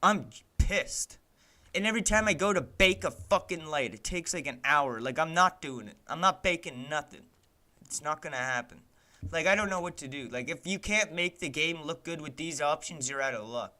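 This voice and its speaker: A man's voice: a little high, moderate pace. A young man streaming his game development, chatting casually and ranting with plenty of swearing and "like" as he fights his tools. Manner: exasperated, swears a lot, rants at his software; fillers "like" and "man" throughout. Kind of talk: casual livestream commentary while working.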